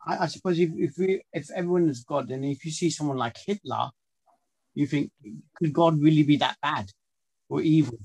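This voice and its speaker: A man's voice: a little high, moderate pace, a little mellow, husky, low-quality recording. A man in a class raising a question tentatively, stumbling at the start. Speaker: class participant.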